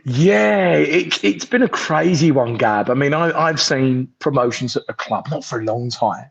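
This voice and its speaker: A young man chatting casually as a podcast guest on a video call, telling stories excitedly and acting out the voices of the people in them. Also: mid-range voice, a little slow, gravelly, slightly rough. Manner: excitable storyteller, acts out voices. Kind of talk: casual chat. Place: holiday resort, on a sunbed. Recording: dull lo-fi call audio.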